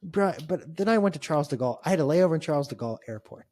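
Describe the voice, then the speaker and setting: A man's voice: fairly high pitch, lively intonation, rapid-fire, darkish tone, no echo, studio quality. A man co-hosting a podcast, telling a long travel story in a rambling, wry, exasperated way. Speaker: podcast co-host. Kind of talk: casual chat.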